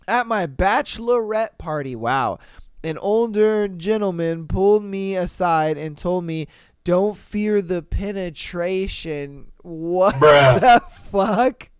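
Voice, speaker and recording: High-voiced animated man reacting. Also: clear, resonant tone, no echo, studio quality. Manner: animated, profane, incredulous reactions. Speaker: podcast host. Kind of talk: casual commentary reading stories.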